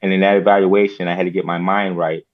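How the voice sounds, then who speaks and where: Male caller, very deep voice, measured and thoughtful, muffled line. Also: flat delivery. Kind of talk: reflective testimony.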